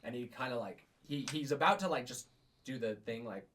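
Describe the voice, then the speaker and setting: A man's voice: medium pitch, brisk, a bit bright, far from the mic, slight background noise. A man narrating a tabletop game as game master, rambling with many fillers. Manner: rambling, filler-heavy, frequent laughs.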